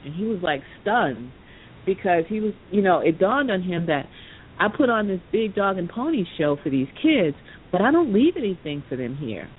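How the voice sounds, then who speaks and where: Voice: big pitch swings, normal speed. A podcast speaker telling a story in a casual, rambling way, with many "you know" asides. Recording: tinny phone line with faint rumble.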